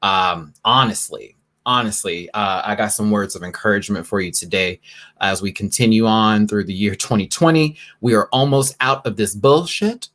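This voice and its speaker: A man's voice: fairly low pitch, normal speed, fairly bright tone. A man hosting his own live stream from his apartment, chatting casually and campily with drag slang. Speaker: live-stream show host.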